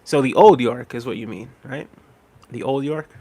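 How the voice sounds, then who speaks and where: A man's voice: medium pitch, normal speed, mellow, slight background noise. A man hosting a casual livestream, reading viewer comments aloud and chuckling often as he answers them. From United States. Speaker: livestream host.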